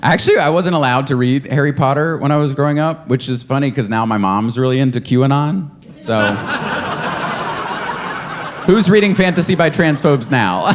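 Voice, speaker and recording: Lively stand-up comic man. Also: normal speed. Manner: lively storytelling, jumps into high mocking voices for others. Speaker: stand-up comedian. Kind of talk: stand-up comedy set. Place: comedy club stage before a laughing audience. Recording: live club recording with audience noise.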